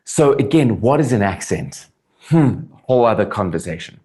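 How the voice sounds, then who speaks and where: A man's voice: mid-range voice, normal speed. A man from South Africa with a South African accent, a guest talking earnestly in an interview and restarting his thoughts as he goes. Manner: animated, earnest, thinks aloud with restarts. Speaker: actor guest. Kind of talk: interview conversation.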